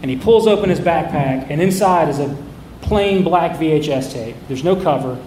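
A man's voice: fairly high pitch, lively intonation, moderate pace, darkish tone, a little hiss or hum. A middle-aged man telling a candid, self-mocking personal story in a conversational way. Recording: roomy echo.

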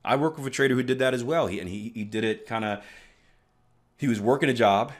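A man's voice: medium pitch, fairly quick. Male trading coach, emphatic motivational delivery with frequent "right?" check-ins. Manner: emphatic, repeats "right?" often, bursts of loud stress. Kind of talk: motivational teaching talk.

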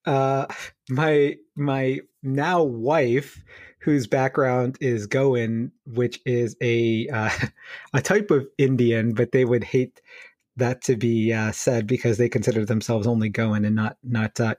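Animated man telling a funny story. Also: medium pitch, no room sound, clean studio sound. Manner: animated, laughing storyteller with many fillers. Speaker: physiotherapist, podcast co-host. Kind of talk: casual storytelling chat.

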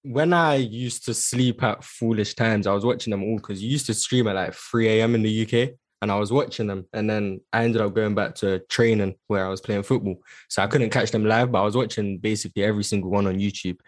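A man's voice: fairly low pitch, fairly even intonation, fairly quick, few pauses, no room sound. A young man from the UK with a British accent, chatting casually as a guest on a podcast stream, easygoing with frequent fillers. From United Kingdom. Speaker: guest, show fan.

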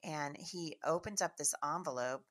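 A middle-aged woman from Washington State, a Christian speaker telling a lively personal testimony to an audience with chatty restarts. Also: sits low, normal speed. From Washington State, USA. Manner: chatty, animated storyteller with frequent restarts. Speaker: Christian speaker and homeschool teacher.

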